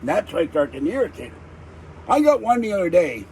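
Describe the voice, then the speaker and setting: A man's voice: on the high side, sing-song, quick pace, dark tone, a little hiss or hum, rough recording. An older man hosting a livestream, ranting irritably in a rambling casual chat. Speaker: livestream host.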